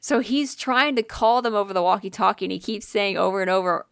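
A woman co-hosting a casual podcast, excitedly retelling a ghost-hunting episode with lots of fillers and swearing. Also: medium pitch, fairly quick, clean tone, dry recording, clean studio sound. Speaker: podcast co-host. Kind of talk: casual podcast chat, storytelling.

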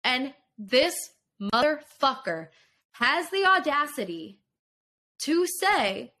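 A young woman recounts a painful story on a podcast, swearing freely and voicing both sides of an argument. She speaks slowly with a bright, clear tone, pitched a little high for a woman. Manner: emotional, profane, animated retelling. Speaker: podcast guest.

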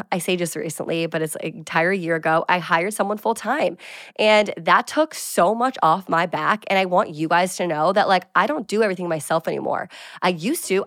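A woman's voice: lowish voice, a bit bright, no echo, studio quality. A woman in her twenties hosting her own show, chatting casually and upbeat through business tips, with lots of filler words. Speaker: fitness creator and show host.

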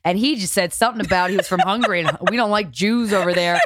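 A woman's voice: medium pitch, fast, background noise. A woman co-hosting a podcast in casual chat, telling brash stories with swearing and laughter. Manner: brash, storytelling, swears freely, laughs often. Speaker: podcast co-host.

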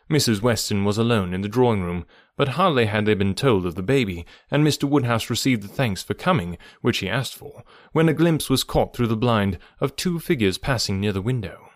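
A man narrating a classic novel as an audiobook, measured and even, close to the mic. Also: medium pitch, no echo. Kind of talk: scripted narration.

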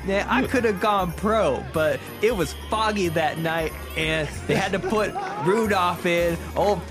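A man's voice: sits high, measured pace, over music, voice pushed up. A man voicing a bitter, boastful, washed-up male reindeer who gripes that he could have gone pro.

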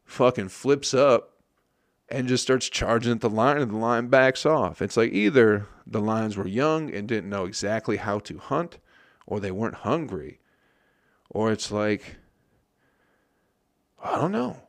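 A man's voice: fairly low pitch, lively intonation, unhurried, long pauses, no echo. A comedian hosting his podcast, talking in a rambling casual monologue and swearing a lot. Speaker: stand-up comedian and podcast host.

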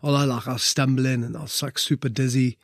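A man's voice: medium pitch, level tone, quick pace, dry recording, clean studio sound. A middle-aged Welsh man and former rugby player telling his story in a casual interview, chatty and full of fillers. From Wales. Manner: conversational, lots of fillers and "like".

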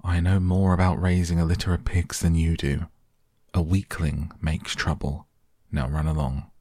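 A man voicing a farmer father who speaks firmly but gently. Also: low voice, normal speed, no echo, clean studio sound. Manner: firm, calm.

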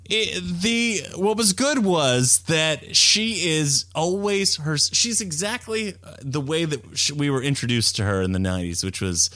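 A man co-hosting a podcast in casual chat, campy and animated with a dry wit. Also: a little high, a little slow, hardly any pauses. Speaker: podcast co-host.

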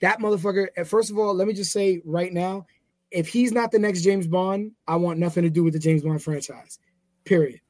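A man with a noticeably high, light voice talks over his co-host in casual podcast banter. He rambles, restarts and swears freely, recorded close and dry with no room sound. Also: brisk, dry recording. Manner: loose, profane, animated banter with laughs. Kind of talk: casual chat.

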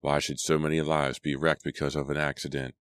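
A man voicing a serious teenage boy in an audiobook, speaking slowly and measured. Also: a bass voice, level tone, clear, resonant tone, no echo. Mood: solemn.

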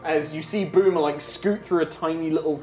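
A man narrating a tabletop game as game master, animated and often laughing. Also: on the high side, a little fast, faint music behind. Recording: echoey room.

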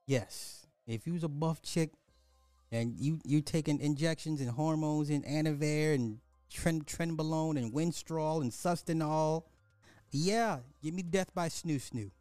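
A man's voice: a little high, unhurried, darkish tone, no room sound, faint music behind. A man giving reaction commentary, rambling and trailing off mid-sentence.

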